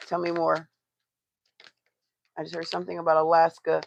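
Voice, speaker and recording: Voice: mid-range voice, monotone, normal speed, creaky, lo-fi sound, slight background noise. A tarot reader doing a live reading, blunt and profane, who swears for emphasis and talks straight to the chat.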